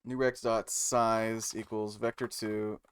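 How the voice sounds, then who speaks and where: Slow, smooth-voiced male streamer, thinks aloud between lines of code. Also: fairly low pitch, little pitch movement. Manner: slow and musing, thinking aloud with many pauses and fillers. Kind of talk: casual live-stream chat while coding.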